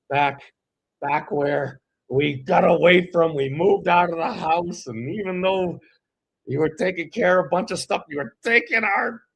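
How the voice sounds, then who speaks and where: A man voicing an aggrieved male colonist who rants at his former ruler, rising into shouts. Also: high voice, vocal fry, husky, voice pushed up, exaggerated voice. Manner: indignant, shouting rant.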